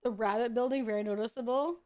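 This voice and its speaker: A woman streaming a horror game and joking with friends on a call, swearing freely and laughing loudly. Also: a little high, steady tone, fast talker, slight background noise. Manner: profane, joking, loud laughs. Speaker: VTuber streamer. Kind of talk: casual gaming stream chat.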